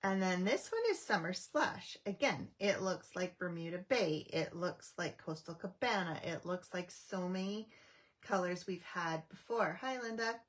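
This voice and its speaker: A woman's voice: fairly low pitch, lively intonation, a little slow. A middle-aged woman from Canada hosting a casual craft live stream, chatting with viewers, greeting them by name, with frequent ums and restarts.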